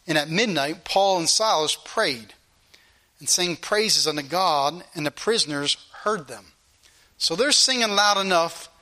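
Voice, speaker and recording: Fervent high-voiced preacher. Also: male voice, bright, forceful tone. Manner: fervent, repeats lines for emphasis, reads scripture aloud. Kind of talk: sermon.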